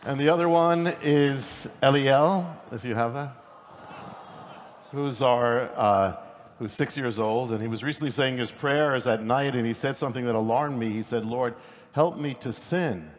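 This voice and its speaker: A middle-aged man preaching at a conference in a quick, conversational way, often restarting his sentences. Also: mid-range voice. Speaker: pastor and speaker. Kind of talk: conference sermon. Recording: long hall reverb, faint noise.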